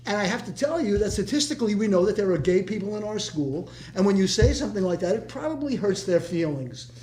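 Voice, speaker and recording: A man's voice: high voice, a little mellow. An older man, a former teacher, telling a long story with many restarts at a community discussion. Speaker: retired teacher in audience. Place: meeting room.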